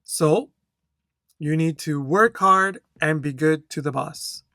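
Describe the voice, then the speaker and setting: Test-prep instructor, very slow, deliberate, keeps checking in with the class, dry close sound. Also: mid-range voice, pushed and bright, no room sound. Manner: slow, deliberate, checks in with "okay?" after each point; reads a model answer aloud with careful intonation. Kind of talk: speaking test tutorial.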